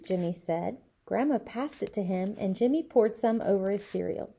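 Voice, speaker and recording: A woman teacher reading a children's chapter book aloud with expressive storybook delivery. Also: mid-range voice, moderate pace, few pauses.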